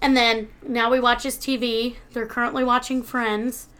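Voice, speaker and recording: A woman's voice: on the high side, flat delivery, normal speed, a bit bright, clear, resonant tone. A young woman co-hosting a casual podcast chat, laughing often, swearing freely and mimicking people as she retells stories. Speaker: podcast co-host.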